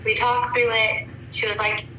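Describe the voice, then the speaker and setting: A bright, tense-toned woman in her thirties recounts a hard day in a loose, rambling way and swears without a second thought. The voice sits well back from the mic in a roomy, echoing space. A faint hiss of noise runs underneath. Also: fairly high pitch, flat delivery, normal speed, dull audio. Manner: rambling, frank, swears freely. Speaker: counseling client. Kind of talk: casual personal account. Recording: echoey room from far off, faint noise.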